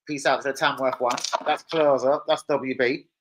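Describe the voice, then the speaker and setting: A man's voice: mid-range voice, fairly even intonation, moderate pace, background noise. A man hosting a casual fan live stream, crude and rowdy, joking with his chat. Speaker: fan channel host. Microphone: streaming setup.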